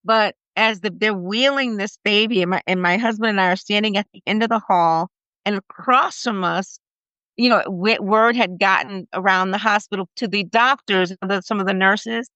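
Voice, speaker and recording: A woman in her forties, a podcast guest, retelling a personal story in a halting, emotional way with many fillers. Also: medium pitch, bright, forceful tone, no echo. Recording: slightly muffled dry recording.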